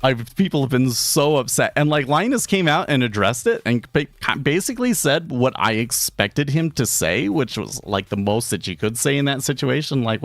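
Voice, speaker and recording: Expressive and medium-pitched, this man talks at a moderate pace with hardly any pauses on a dry recording with soft background music. On his day trading live stream he casually rambles through a story, acting out quoted characters in a raised voice.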